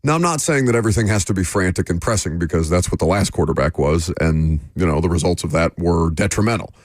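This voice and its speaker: Male sports radio host, deep voice, dry close studio sound, opinionated and halting. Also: animated, no room sound. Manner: opinionated, with frequent fillers and restarts.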